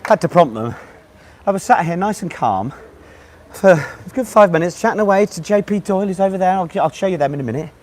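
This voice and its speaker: A man hosts a live quiz stream, out of breath and with a hoarse, worn-out voice. He sits a little high in pitch and chats loosely, greeting viewers by name and reading out their messages. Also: lively intonation, a little fast, a little mellow, a little hiss or hum. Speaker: quiz host.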